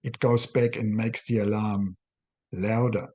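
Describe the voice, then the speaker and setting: Husky man explaining in measured phrases. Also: lowish voice, fairly even intonation, a little mellow. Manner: measured, halting delivery in short phrases with self-corrections. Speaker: clinical psychologist. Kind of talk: explanatory talk to camera.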